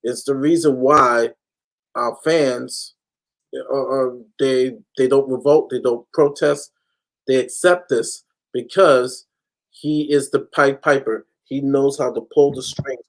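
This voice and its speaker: A man's voice: mid-range voice, steady tone, slow pace. A man from the United States ranting animatedly as a football fan panelist. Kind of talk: casual fan chat.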